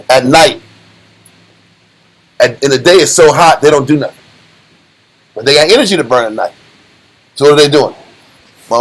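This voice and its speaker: A man's voice: a little high, fairly bright tone, rough recording. A man with a Texas accent giving an informal church teaching, casual and streetwise with joking asides. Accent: Southern US, Texas. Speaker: teacher of a church study class.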